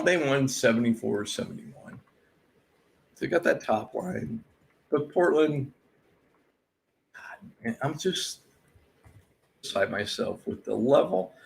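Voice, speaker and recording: A man's voice: mid-range voice, gravelly. A man hosting a sports-picks recap, going over college basketball scores in an exasperated, sarcastic rant. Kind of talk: ranting sports betting recap.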